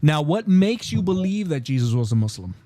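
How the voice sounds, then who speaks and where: A man's voice: a little high, very animated, a little fast, warm tone, no echo. A young man hosting a live call-in podcast, cutting in with insistent, repeated questions. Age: young adult. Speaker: podcast host.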